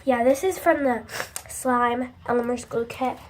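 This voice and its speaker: Young woman vlogger, high voice, rambling casual chat on a phone. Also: unhurried, slight background noise. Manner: chatty, many likes and restarts; excitable, shrieks when upset. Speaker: slime collection vlogger. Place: bathroom at home. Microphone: phone held by speaker. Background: faint YouTube video in another room.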